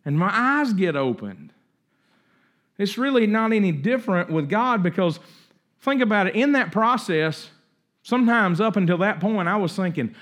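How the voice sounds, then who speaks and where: A man's voice: sits high, moderate pace. A middle-aged man preaching a sermon, telling stories animatedly and often restarting his sentences. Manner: animated storytelling with frequent restarts. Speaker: pastor.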